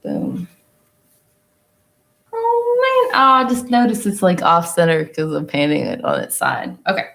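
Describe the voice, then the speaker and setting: Slow, gravelly-voiced woman hosting a paint stream. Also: on the low side, huge pitch swings, a bit bright. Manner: chatty, rambling, self-talking while painting. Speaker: painting class host. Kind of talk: casual live-stream painting lesson. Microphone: laptop mic.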